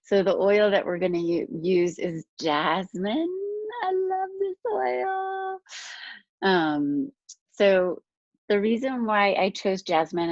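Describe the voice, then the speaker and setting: A woman's voice: on the low side, dry recording. A woman presenting essential oils in a casual spiritual workshop, talking earnestly with many fillers and restarts, over a video call. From United States. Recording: dull, lo-fi video call audio.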